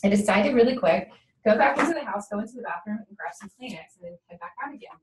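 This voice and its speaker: This talk show host, a woman, speaks fast with lively intonation at a medium pitch as she tells an emotional, candid personal story punctuated by "right?" The mic is distant, the room echoey, and faint noise is present.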